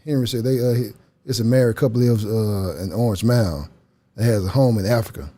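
A man's voice: fairly low pitch, fairly quick, dark tone. A man in casual conversation who mostly answers with short agreeing replies. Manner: brief backchannel replies. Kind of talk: casual chat.

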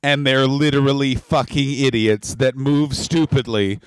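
A man's voice: medium pitch, a little slow, clean tone, no echo. A man co-hosting a comedy podcast, talking in crude, sarcastic banter full of swearing. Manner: profane, sarcastic, mocking impressions. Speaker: podcast co-host.

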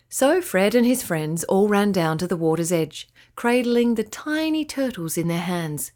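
A woman narrating a children's bedtime story in a gentle, expressive way. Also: medium pitch, a little slow, few pauses.

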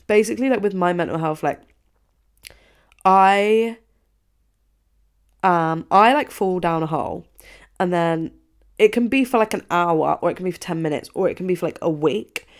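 A woman's voice: moderate pace, long pauses. A young woman chatting casually and at length, filling her talk with "like" and acting out her own past words. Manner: rambling, heavy use of "like", acts out quotes in a higher voice. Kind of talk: casual confessional chat.

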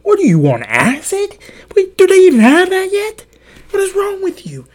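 A man putting on the voice of an exasperated biblical Adam, yelling and incredulous. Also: very high-pitched, wildly swooping pitch, moderate pace, voice pushed up, heavily acted.

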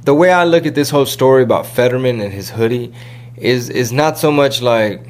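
A man hosting a podcast in a casual, rambling, slang-heavy chat, often mimicking other people in quick asides. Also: mid-range voice. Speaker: podcast host.

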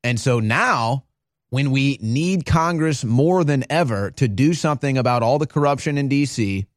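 An emphatic male host delivering live commentary in a ranting, insistent way. His voice sits at a middle pitch. The sound is dry and close, with no room echo. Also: expressive, moderate pace.

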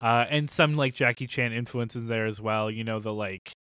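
A man co-hosting a podcast in casual chat, animated and laughing often, with loose filler words. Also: mid-range voice, normal speed, clean tone, no room sound, clean studio sound. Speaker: podcast co-host.

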